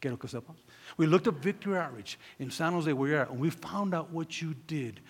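A middle-aged man preaching, telling a personal story, acting out quotes and swinging between loud peaks and hushed asides. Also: fairly high pitch, fairly quick, husky, in a large hall. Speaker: pastor.

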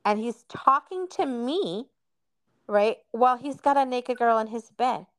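A woman's voice: on the high side, animated, measured pace, no room sound. Woman host chatting candidly about her past, calls her guest girl, dry close mic. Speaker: podcast host. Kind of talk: casual chat.

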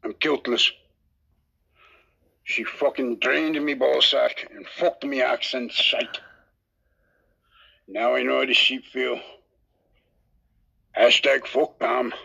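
A man voicing a drunk Scottish man bragging in a pub, with a put-on Scottish accent and crude, deadpan storytelling. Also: mid-range voice, slow, gravelly, pauses often, breathy edge, full character voice. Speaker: caller. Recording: dull lo-fi voice message.

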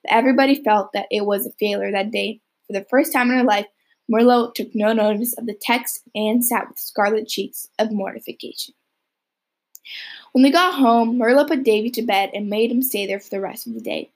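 A young woman reads a novel aloud in a breathy, somewhat high voice. She keeps a steady narrating pace and stumbles now and then before restarting. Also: brisk. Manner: occasional slips and restarts. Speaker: audiobook reader.

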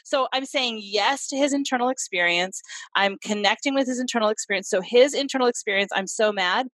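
A woman's voice: fairly high pitch, a little fast, a bit bright, dry recording, rough recording. A middle-aged woman, a clinician and parenting expert, talks earnestly in a podcast interview and acts out examples as she explains.

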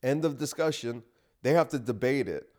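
A man's voice: mid-range voice, animated, normal speed, darkish tone. A man hosting his own podcast, ranting bluntly and with profanity in a casual solo monologue recorded in a home gym room. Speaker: comedian podcast host.

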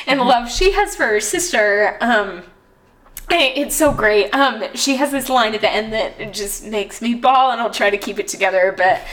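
A woman's voice: a little high, lively intonation, measured pace, a bit bright. A woman hosting a podcast in casual chat, talking loosely with many fillers and frequent laughs. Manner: chatty, full of "um" and "like", laughs often. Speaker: podcast host.

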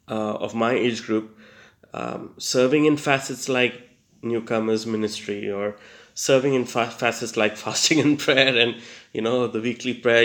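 A young man giving an earnest personal testimony, hesitant and full of fillers and restarts, with self-deprecating laughter. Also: medium pitch. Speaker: testimony speaker.

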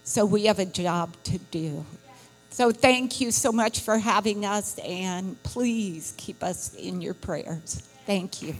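A woman's voice: medium pitch, big-room sound, soft background music, rough recording. A woman from England, a missionary's wife giving an earnest testimony at church. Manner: earnest, slow, breathy. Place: church sanctuary.

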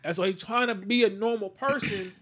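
A man's voice: sits high, fairly even intonation, a little fast, fairly bright tone, husky. A man hosting a casual podcast, chatting loosely and telling stories with acted-out quotes. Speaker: podcast host. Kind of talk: casual chat.

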